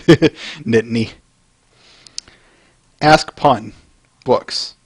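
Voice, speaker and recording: A man's voice: medium pitch, drawn-out words, slightly rough, no echo. A man hosting a comic reading who talks casually to his viewers and often laughs. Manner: chuckles often, chatty asides to viewers. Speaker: host reading comics aloud. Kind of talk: casual chat.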